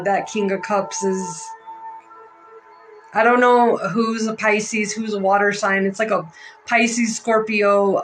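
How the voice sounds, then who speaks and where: A woman leads a live tarot reading in a slow, unhurried voice, pausing often and filling the gaps with soft ums. She sounds moved and close to tears. Faint music plays softly behind her. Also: mid-range voice, poor audio. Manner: slow, emotional, halting with many fillers. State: near tears. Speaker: psychic reader.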